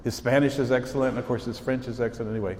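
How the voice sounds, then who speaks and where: A man's voice: medium pitch, fairly even intonation, rapid-fire, a little hiss or hum. A man in his sixties, a bishop, giving an informal talk to students, telling stories in a folksy, conversational way. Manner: folksy storytelling, warm asides. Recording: echoey hall, long reverb, faint ambience.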